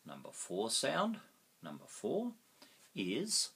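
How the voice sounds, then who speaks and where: An older Australian man teaching English pronunciation, repeating each vowel sound slowly for learners to copy. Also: sits low, big pitch swings, fairly bright tone, slightly rough. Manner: slow, drawn-out, repeats sounds for practice. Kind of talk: pronunciation lesson.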